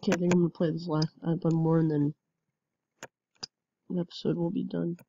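Excitable woman in lo-fi game commentary. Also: fairly low pitch, brisk, a little hiss or hum. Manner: excitable, yelps and laughs at the game. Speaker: gameplay commentator.

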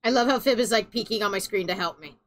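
A woman's voice: medium pitch, quick pace. A woman chatting casually and rambling while playing a game with a friend. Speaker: gaming streamer. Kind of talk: casual gameplay chat.

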